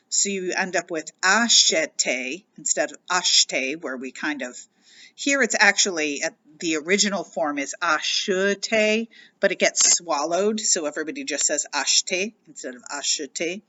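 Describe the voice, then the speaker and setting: A woman's voice: fairly low pitch, expressive, normal speed, bright, forceful tone. A woman teacher explaining grammar patiently in a recorded lesson, spelling out letters as she goes. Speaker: French teacher.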